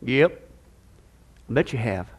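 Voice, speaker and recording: A man pastor preaching a sermon in an animated, sarcastic way. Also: mid-range voice, slow, faint music behind.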